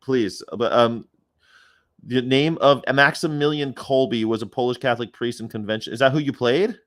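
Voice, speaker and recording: A man's voice: mid-range voice, normal speed, no room sound, clean studio sound. A man chatting casually as a guest, loose and joking, laughing often and swearing offhandedly. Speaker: guest on a video chat show. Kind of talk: casual chat.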